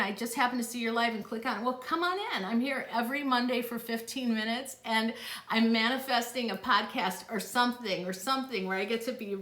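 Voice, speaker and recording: A woman's voice: fairly high pitch, bright, forceful tone. A middle-aged woman hosting a live psychic stream, chatting casually and gushing, with frequent gasps and laughs. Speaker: psychic host answering live questions. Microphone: phone or tablet. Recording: echoey room.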